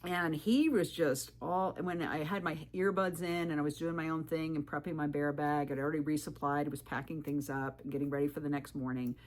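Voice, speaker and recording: A woman telling her hiking stories to the camera in a vlog, animated and firm, jumping up in pitch when she quotes people. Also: brisk, few pauses. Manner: firm and direct. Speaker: thru-hiker vlogger. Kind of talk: storytelling vlog advice.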